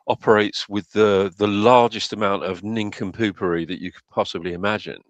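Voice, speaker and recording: Low-voiced male co-host, dry and close, opinionated and hesitant. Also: fairly even intonation, fairly quick, no room sound, highs cut off. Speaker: podcast co-host. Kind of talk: casual chat.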